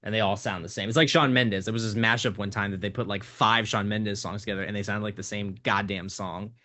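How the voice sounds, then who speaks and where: Young guy on a podcast, kinda low voice, blunt and opinionated. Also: steady tone, brisk, pushed and bright. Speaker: podcast co-host. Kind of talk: casual chat.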